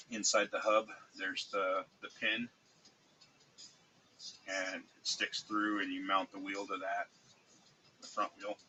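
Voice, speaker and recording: A man with a cold talks slowly and haltingly on a live stream, sounding congested. His voice is rather low and very bright and forceful in tone. A faint hiss of background noise sits under the close desk mic. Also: low-quality recording. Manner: slow, halting, with many restarts and fillers. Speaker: streamer showing 3D-printed model car parts. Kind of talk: casual live-stream chat.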